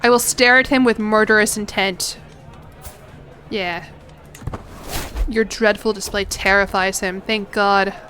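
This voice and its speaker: A woman's voice: medium pitch, fairly even intonation, a little slow, pauses often, pushed and bright, a faint crowd, slight background noise. A woman streaming a strategy game, chatting casually, reacting, laughing and swearing as she plays. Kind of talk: casual gameplay commentary.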